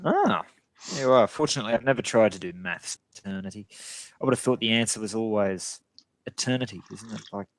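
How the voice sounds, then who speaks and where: A man co-hosts a casual live stream with dry, wry humor. His voice sits at a middle pitch and sounds close, with no room echo. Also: lively intonation, brisk. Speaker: co-host.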